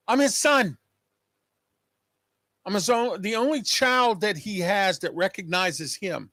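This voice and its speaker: Agitated high-voiced man hosting a show. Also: a little slow, long pauses, sharp tone, dry recording, clean studio sound. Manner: agitated, emphatic, repeats points. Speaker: show host. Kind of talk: personal monologue to viewers.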